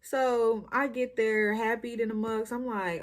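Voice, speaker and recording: A woman's voice: fairly high pitch, normal speed, hardly any pauses. Chatty young woman telling a story. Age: young adult. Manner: chatty, slangy, animated retelling. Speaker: YouTuber. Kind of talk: casual story time.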